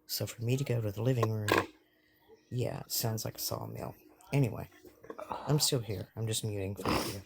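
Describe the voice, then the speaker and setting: Gravelly woman on a noisy line. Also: extremely low pitch, moderate pace, pauses often. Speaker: live stream guest. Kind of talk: casual chat.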